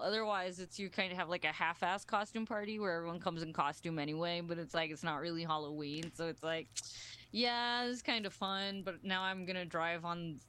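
Rambling woman chatting casually, lower-pitched. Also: fairly even intonation, fairly quick, pushed and bright, clean tone. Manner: rambling, full of "like" and "right?". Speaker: podcast co-host. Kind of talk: casual chat.

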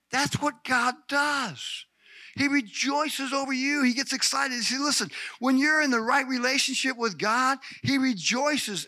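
A man's voice: sits high, pushed and bright, dry recording. A man preaching a sermon, exuberant and calling out members of the congregation by name. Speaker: pastor.

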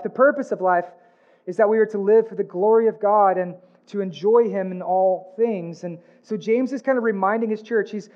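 A high-voiced man preaching a sermon with earnest feeling. He lifts his voice on his questions and sinks quiet on somber lines. The sound is a little dull and lo-fi. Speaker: pastor.

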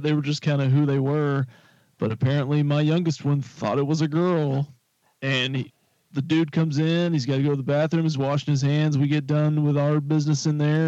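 Deadpan man with a mellow voice. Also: on the high side, no room sound. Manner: dry, deadpan humor. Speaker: podcast co-host. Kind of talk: casual chat, storytelling. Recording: dull lo-fi podcast audio.

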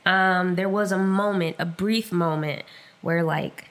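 A woman co-hosting a podcast, telling candid stories in casual chat, animated and unfiltered. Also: lowish voice, a little slow. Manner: candid, animated storytelling with swearing. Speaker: podcast co-host.

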